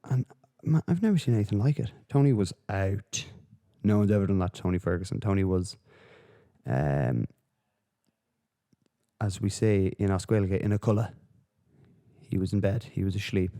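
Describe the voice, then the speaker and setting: A man's voice: low voice, expressive, moderate pace, dark tone. A man hosting a solo podcast, rambling and swearing through casual commentary with lots of fillers. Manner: profane, rambling, with frequent fillers. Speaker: podcast host.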